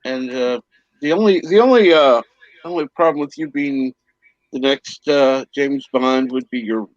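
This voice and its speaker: A man's voice: mid-range voice, unhurried, no echo, lo-fi sound. Teasing man hosting a casual stream chat. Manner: teasing, dry humor. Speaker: host of a live chat stream.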